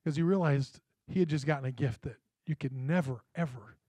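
A man's voice: medium pitch, fairly quick, mellow, breathy edge, no room sound. A man, a pastor, giving a sermon in a conversational storytelling way and often checking in with the congregation. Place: church.

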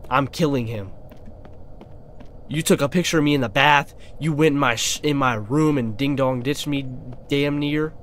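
A young man with an excitable, profane manner, commentating a horror game let's play and talking straight to his viewers. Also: fairly high pitch, moderate pace, few pauses, slight background noise. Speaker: gaming YouTuber.

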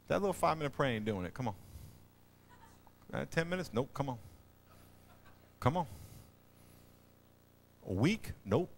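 A middle-aged man preaching a sermon as pastor, animated and folksy, telling stories with loud emphatic bursts. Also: mid-range voice, measured pace, pauses often, slight background noise. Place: church auditorium.

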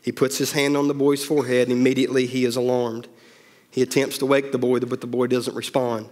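A man's voice: medium pitch, level tone, a little fast, big-room sound. A male pastor telling a story as part of a sermon, acting out each character's lines.

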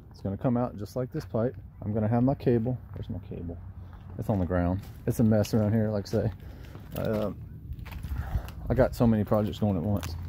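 Gravelly Southern man showing his trailer. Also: on the low side, mellow, a little hiss or hum. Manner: rambling, folksy, self-deprecating. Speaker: lawn care business owner. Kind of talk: casual DIY how-to vlog. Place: outdoors by a trailer.

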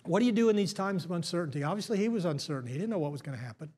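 A man's voice: on the high side, lively intonation, racing, a little mellow, slightly rough. An American man, a pastor, preaching a sermon in a conversational way, full of restarts and stammers.

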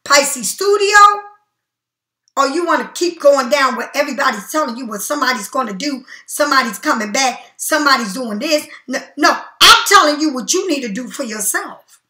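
A woman reading tarot cards in a high, bright voice, blunt and swearing freely as she preaches at the listener. She speaks in an echoey room. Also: animated, normal speed. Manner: blunt, profane, preachy and emphatic. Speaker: tarot card reader. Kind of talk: casual tarot reading monologue.

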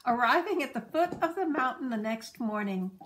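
A woman reading a children's picture book aloud in a gentle, lively storytelling manner. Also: on the high side, moderate pace, slight background noise.

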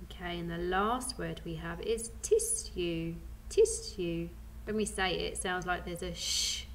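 A woman's voice: fairly low pitch, a little slow, a little hiss or hum. A woman with a British accent teaching a phonics lesson to young children, patiently sounding out words letter by letter. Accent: British English. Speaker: primary school teacher.

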